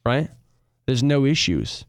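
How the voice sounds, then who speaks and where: A man's voice: medium pitch, very animated, takes it slowly, dry recording. A young adult man, a guest musician in casual chat, talking in a reflective way and joking in between, recorded on a close studio mic.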